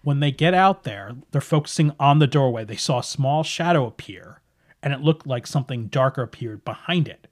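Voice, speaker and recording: Casual male game master, chatty, mid-pitched, restarts often. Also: expressive, moderate pace. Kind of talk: narrating a tabletop horror game.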